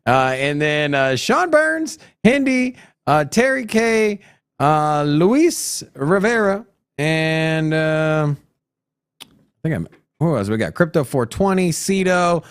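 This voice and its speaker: A man co-hosting a casual crypto livestream, loud and playful, with hype shout-out greetings. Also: a little high, very animated, slow, clean tone. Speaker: co-host.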